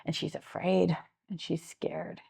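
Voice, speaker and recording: Her voice is on the low side, gravelly with a breathy edge, and she takes her time. This middle-aged Midwestern American woman runs homeless services and, during an interview, earnestly recounts stories, animatedly acting out whoever she's quoting.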